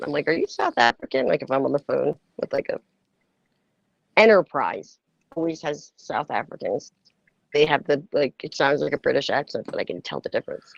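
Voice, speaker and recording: A man hosting a casual livestream chat, talkative and quick to laugh, on a dull lo-fi mic. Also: fairly high pitch, expressive, creaky, no echo. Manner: chatty, laughs often.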